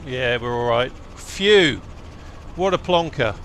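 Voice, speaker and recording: A man narrates his helicopter flight live, chatty and self-mocking as he talks himself through each check. His voice sits at an everyday middle pitch, with a loud helicopter engine roaring steadily behind him. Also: a little slow, slight background noise. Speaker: flight sim streamer. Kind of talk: live-streamed flight sim commentary.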